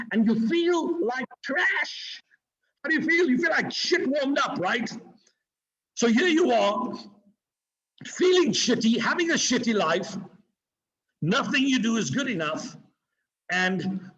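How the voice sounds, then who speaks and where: High voiced guy hyping up a webinar crowd, preachy and punchy, muffled call audio. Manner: energetic, preachy, swings pitch and pace for emphasis. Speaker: motivational speaker. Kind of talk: motivational webinar talk. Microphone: video call.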